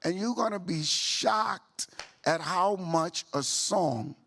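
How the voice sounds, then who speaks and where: A hip-hop artist from New York City telling stories on a panel in an animated way, repeating his phrases. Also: high-pitched, takes it slowly. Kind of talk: panel talk with crowd banter.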